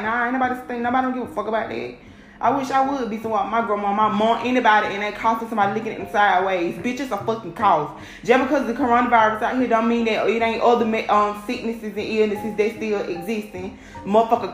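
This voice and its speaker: A woman talking straight to her audience in a casual rant, blunt, emphatic and full of swearing. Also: fairly high pitch. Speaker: vlogger. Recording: roomy echo with faint music.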